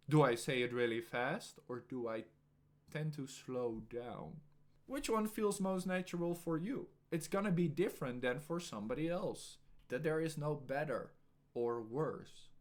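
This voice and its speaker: Man, English speaking coach, very slow pace, calm deliberate teaching, pauses every few words. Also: medium pitch.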